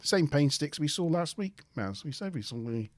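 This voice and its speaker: A man's voice: on the high side, lively intonation, normal speed. A man co-hosting a live review show, recapping an episode in casual chat with hesitant fillers. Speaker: podcast co-host.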